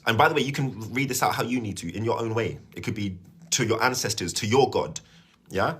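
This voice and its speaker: A man's voice: fairly low pitch, a little fast, fairly bright tone, breathy edge. A young man hosting a spiritual live stream, reading a prayer aloud in an earnest, rambling way and checking in with viewers. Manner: earnest, rambling, repeats himself and checks in with "yeah?". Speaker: spiritual livestream host.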